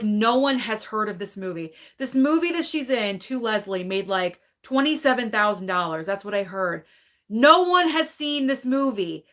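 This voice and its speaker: Bright-voiced chatty woman host. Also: on the high side. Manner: chatty, hedging, lots of "like" and "I don't know"; opinionated and animated, quick laughs. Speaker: movie channel host reading live chat. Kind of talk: casual live-stream chat.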